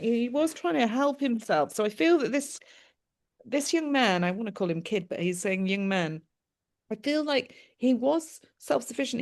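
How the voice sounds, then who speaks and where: Woman, medium, live reading, earnest, halting, repetitive, animated. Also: medium pitch. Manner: halting and repetitive, relaying messages with restarts and "he's like"; earnest and animated, breaking into laughs. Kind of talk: live mediumship reading over a video call.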